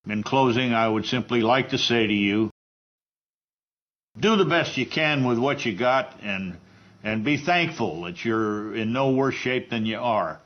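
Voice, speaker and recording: A man's voice: medium pitch, a little slow. A man giving earnest, homespun advice in a folksy talk from an old clip. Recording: dull lo-fi archive clip.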